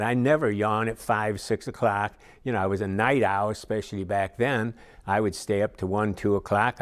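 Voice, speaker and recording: A middle-aged man with a fairly low voice, teaching a recorded class. He talks in a relaxed, folksy way, with plenty of "you know" and small asides. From Chicago area. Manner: conversational and folksy, with many asides and fillers.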